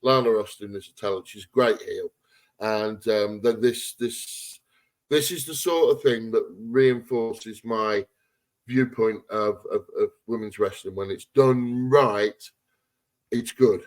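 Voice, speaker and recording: A man's voice: lowish voice, slow pace. A man co-hosting a wrestling podcast, giving blunt opinions with frequent laughs and restarts. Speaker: podcast co-host. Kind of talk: casual wrestling chat.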